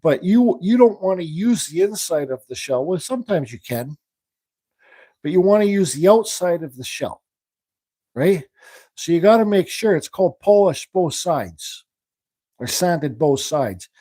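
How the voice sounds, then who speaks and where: He's a woodcarving livestream host whose high, warm voice has lively intonation and a measured pace, recorded with no room sound. As he carves, he rambles in a casual, demonstration-style chat, thinking aloud and reading viewers' questions out to respond.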